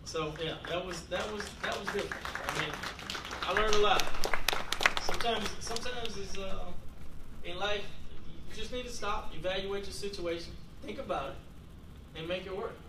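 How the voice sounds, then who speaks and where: A man's voice: sits high, normal speed, noisy background. A man, the author, reads his own book aloud as a story with small chuckles, then talks casually. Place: library event room. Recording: echoey room from far off.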